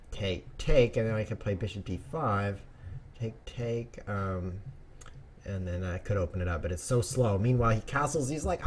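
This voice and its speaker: A man hosting a chess stream, chatting casually and joking through his moves, with sudden bursts and quiet mumbles. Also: low-pitched, slight background noise. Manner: playful, jokey, rambling asides. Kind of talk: casual live commentary while playing.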